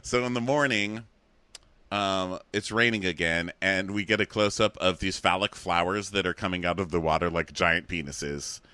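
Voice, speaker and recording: A man's voice: low voice, normal speed, bright, forceful tone, clean tone. A man co-hosting a casual recap chat, snarky and profane. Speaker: podcast co-host.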